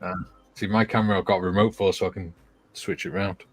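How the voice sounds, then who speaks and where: A man's voice: deep voice, flat delivery, a little fast, crowd noise. A man hosting a casual live chat, joking and bantering with his guests. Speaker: channel host. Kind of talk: casual chat while building dioramas.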